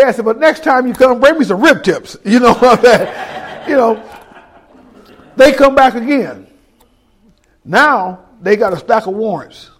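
This middle-aged man's testimony sermon has him acting out other people's voices, his delivery swinging between hushed and loud. His voice is high and husky.

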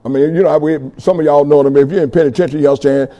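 A middle-aged man giving a fervent testimony sermon, calling out to his audience and building to loud passages. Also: a little high, steady tone, very fast, highs cut off. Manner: call-and-response with audience, rising fervor.

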